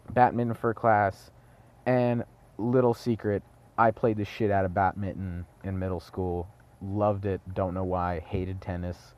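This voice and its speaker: A man's voice: fairly low pitch, darkish tone, lo-fi sound. A young man telling a personal story in a casual vlog, rambling, correcting himself and dropping jokey asides. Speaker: vlogger.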